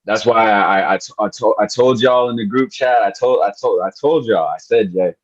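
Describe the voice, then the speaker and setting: A man with a low voice talks in excited, emotional bursts about his team. He repeats himself and throws in bro and man constantly, like casual podcast chat. His sound comes through dull and lo-fi, as if over a remote call. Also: normal speed. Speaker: podcast co-host.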